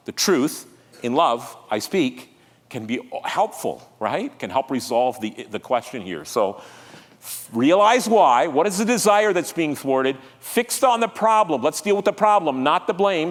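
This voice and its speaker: A man preaching a sermon as pastor, conversational and lively, drawing the congregation into call-and-response. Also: mid-range voice, moderate pace, long reverb tail. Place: church sanctuary.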